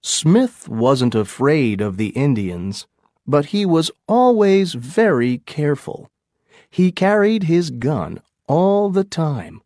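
A man reads a storybook for learners in a slow, clear voice. His pitch is somewhat high and lively. The sound is close and dry. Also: no room sound. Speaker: audiobook narrator. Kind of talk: scripted narration for learners.

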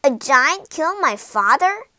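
A woman's voice: fairly high pitch, expressive, takes it slowly, smooth, no echo. A woman voicing a brave, hungry young boy who exclaims his lines in a storybook. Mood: determined. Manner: eager, exclaiming.

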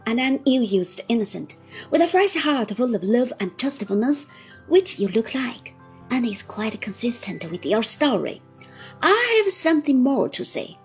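A cruel, icy young woman sneers and threatens, as a woman reader puts her on, her voice climbing high, then sinking to a hissing whisper. Faint music plays beneath the storybook reading. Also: sing-song, a little slow. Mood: scornful. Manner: sneering and stern, drops to menacing whispers. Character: cold, scornful young woman, icily cruel.

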